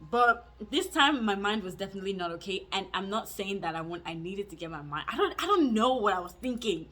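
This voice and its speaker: A woman's voice: medium pitch, animated, brisk, bright, forceful tone. A young adult woman telling a storytime vlog in a casual, chatty way, full of "like" fillers and self-mocking asides. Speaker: vlogger.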